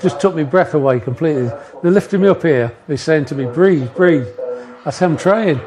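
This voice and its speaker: A man's voice: a little high, fast talker, crowd noise. An older man, a former doorman, telling stories casually at home, plain-spoken and swearing, acting out what people said. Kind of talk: casual storytelling. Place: indoors in a family home.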